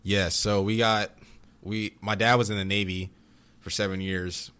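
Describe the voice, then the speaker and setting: A young man in casual chat, telling rambling, animated stories about growing up, with frequent restarts. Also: fairly low pitch, a little slow, clean tone. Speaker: podcast guest.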